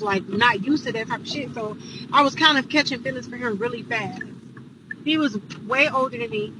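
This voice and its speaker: A woman's voice: a little high, background noise. A woman telling a casual storytime, blunt and profane, acting out the dialogue.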